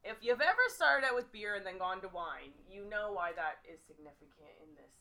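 A woman's voice: medium pitch, lively intonation, fairly quick, sharp tone. A tipsy woman co-hosting a podcast, chatting casually in a loose, jokey way. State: tipsy from drinking. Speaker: podcast co-host. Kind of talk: casual chat.

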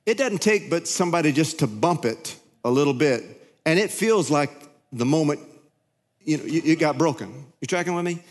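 Male pastor, chatty and animated in the pulpit, voice a touch high, long hall echo. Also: moderate pace. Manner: conversational, animated, acts out inner voices. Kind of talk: sermon. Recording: echoey hall.

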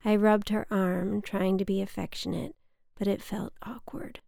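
Young woman reading her own memoir, hushed and half-whispered, with creaky fry, in a dry, close-miked sound. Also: medium pitch, steady tone, a little slow, no echo. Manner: hushed, often whispered, intimate. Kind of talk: reading a personal essay aloud.

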